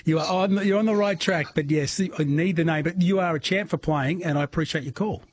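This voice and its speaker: A man's voice: a little high, fairly quick, slight background noise. An Australian man hosting a late-night radio phone-in quiz, chatty, jokey and encouraging with callers. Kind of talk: casual overnight radio chat.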